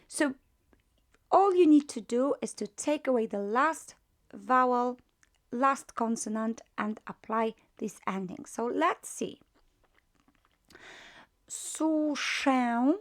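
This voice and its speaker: A woman with a Polish accent teaching a grammar lesson, patiently walking through verb forms and checking in with "right?" after each step. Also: a little high. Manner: patient, repeats "right?" after each point, many fillers.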